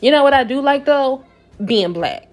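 A woman's voice: high voice, animated, normal speed. Young woman, emphatic and passionate. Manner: emphatic, swings from soft musing to loud passionate outbursts. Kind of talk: casual personal monologue.

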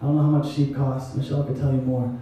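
A man's voice: medium pitch, little pitch movement, quick pace, mellow, slight background noise. A man preaching a sermon as pastor, in a conversational style with wry, self-deprecating asides. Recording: echoey hall, mic at a distance.

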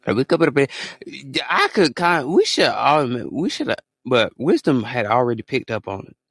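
Animated man on a casual podcast. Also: moderate pace, husky, no echo. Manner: animated, slangy storytelling with sudden high-pitched exclamations. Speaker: podcast co-host.

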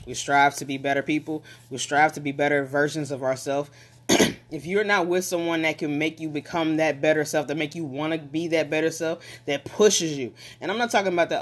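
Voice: mid-range voice, a bit bright. A speaker giving a motivational talk, emphatic and repetitive, pressing listeners directly with questions and urging them to act.

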